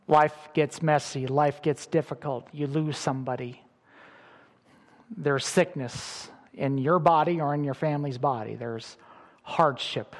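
A middle-aged male pastor delivers a sermon with a fairly high voice, swinging between loud bursts and quiet asides. His words ring out with a long reverb from a large church hall. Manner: animated preaching with sudden loud bursts and soft drops.

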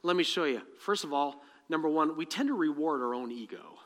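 A man preaching a sermon as pastor, animated, mixing scripture reading with humorous asides. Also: on the high side, brisk, long reverb tail, slight background noise. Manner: reads scripture aloud and acts out the dialogue.

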